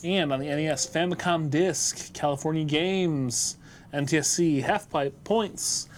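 Straight-faced male co-host, a bit high, quick silly asides, light background hiss. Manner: deadpan made-up facts, quick asides. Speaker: co-host reading game records. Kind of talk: jokey casual show banter.

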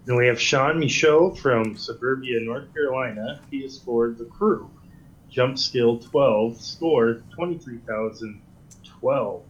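A man's voice: mid-range voice, slow pace. A man co-hosting a casual show, reading game records plainly with dry jokes. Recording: slightly dull lo-fi sound.

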